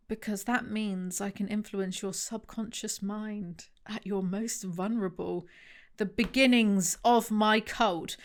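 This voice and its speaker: A young woman with a mid-range voice reviews a book, reading passages aloud and interrupting herself with sarcastic, chatty remarks aimed at her viewers.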